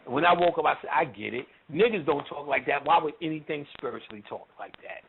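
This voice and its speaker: A man's voice: fairly high pitch, lively intonation, fast. A man teaching occult ideas in casual, profane, joking talk, acting out other people's voices as he goes. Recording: tinny phone-like recording with faint hiss.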